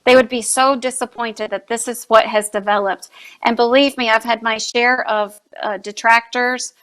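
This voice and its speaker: A woman and mother speaking as an interview guest about her fight against trafficking, earnest and forceful, repeating points for emphasis. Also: a little high, fairly even intonation, moderate pace. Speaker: guest, anti-trafficking activist. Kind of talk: impassioned interview answers.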